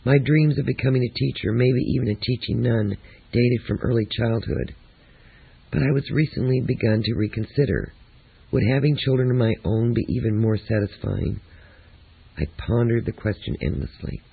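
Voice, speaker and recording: Gravelly, husky male memoir narrator. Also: mid-range voice, moderate pace, no echo. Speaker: audiobook narrator. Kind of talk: first-person memoir narration. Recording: tinny, lo-fi phone-like audio.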